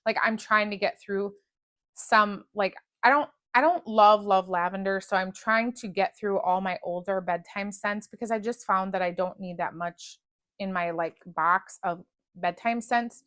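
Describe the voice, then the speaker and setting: A woman's voice: mid-range voice, unhurried, a bit bright, no echo. Chatty woman gushing over wax melts. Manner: chatty, gushing, restarts often. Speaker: wax melt reviewer. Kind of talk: casual product review chat.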